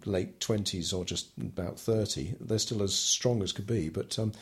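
Older guy being interviewed, lowish husky voice, lots of ums and restarts. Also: moderate pace. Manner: hesitant, with many ums and restarts. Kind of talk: relaxed oral history interview.

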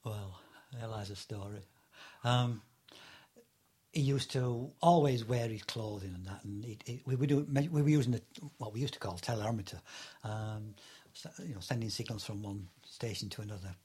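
A man's voice: fairly low pitch, moderate pace, darkish tone, slightly rough. An older man from England telling anecdotes in an oral history interview, rambling with many fillers and bursts of laughter. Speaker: interviewee recalling Antarctic fieldwork.

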